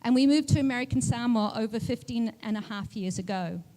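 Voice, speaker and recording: A woman's voice: fairly high pitch, fairly quick, mellow. A woman raised in Central Africa with a mixed British, southern African and New Zealand accent, giving a chatty, self-deprecating speech at an event with a touch of put-on poshness. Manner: chatty, self-deprecating, mock-posh delivery. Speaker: guest speaker. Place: event hall with music. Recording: music playing faintly behind.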